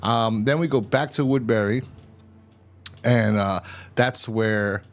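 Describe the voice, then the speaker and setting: A man's voice: on the low side, slow pace. A man hosting a casual TV episode review, recapping the plot in a rambling way and often restarting his sentences. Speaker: show host reviewing TV episodes.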